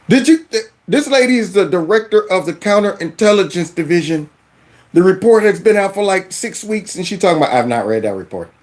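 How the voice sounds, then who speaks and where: A man's voice: high-pitched, brisk. A man hosting political commentary, reacting in an exasperated, incredulous, colloquial way.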